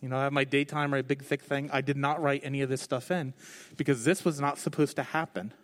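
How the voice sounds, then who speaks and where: A man preaching a conversational sermon from the stage, telling his own story candidly with lively, expressive delivery. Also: medium pitch, quick pace. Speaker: pastor. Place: on stage before a congregation.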